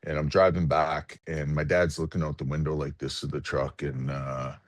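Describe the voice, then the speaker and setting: Very deep-voiced man telling stories. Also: flat delivery, no room sound. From Canada. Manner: emotional, halting, repeats words when moved. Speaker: podcast guest, retired hockey player. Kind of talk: casual storytelling.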